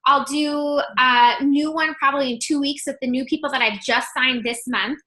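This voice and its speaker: A woman's voice: high-pitched, steady tone, moderate pace, bright, forceful tone. A woman in her thirties coaching her team on a video call, chatty and upbeat, saying "like" and "you guys" a lot. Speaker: team leader.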